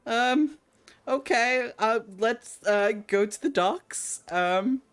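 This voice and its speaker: A woman's voice: slow, smooth. A woman voicing a cowardly, whiny young male leader who stammers and sounds close to tears. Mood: whimpering. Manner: high-pitched, tearful, stammering.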